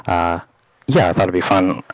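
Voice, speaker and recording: A man's voice: low-pitched, moderate pace, dry recording. A man casually rambling as the host of a modular synth video, with many fillers and a voice run through a glitching distortion effect. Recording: synth music playing behind. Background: electronic synth music.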